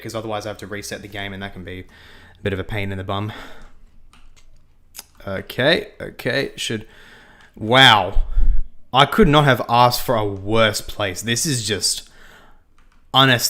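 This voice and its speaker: A man's voice: mid-range voice, fairly bright tone. A young man chatting casually while livestreaming a game, rambling, repeating himself and laughing often. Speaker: livestream host. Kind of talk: casual gaming livestream chat.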